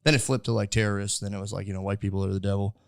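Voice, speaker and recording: A man's voice: fairly low pitch, little pitch movement, rapid-fire, gravelly, clean tone, no room sound, clean studio sound. A man in his thirties hosting a casual podcast interview, rambling with lots of fillers. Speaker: podcast host.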